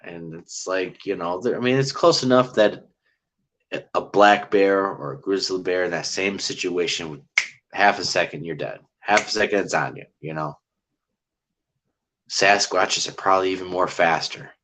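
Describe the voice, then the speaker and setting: Deep-voiced rambling man. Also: moderate pace. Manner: rambling, excitable, restarts often. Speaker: cryptid hunter telling an encounter. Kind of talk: casual storytelling on a live call-in show.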